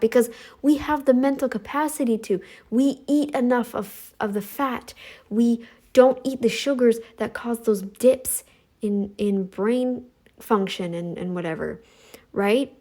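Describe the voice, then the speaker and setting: A middle-aged woman hosting a commentary channel, talking in a sassy, scolding monologue aimed at her critics. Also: mellow. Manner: sassy, scolding, mocks others in high voices.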